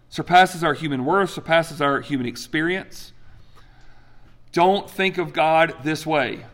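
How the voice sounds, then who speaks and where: Fortyish male pastor, slightly high voice, lively sermon delivery with acted-out quotes. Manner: animated, acts out quotes with big pitch jumps.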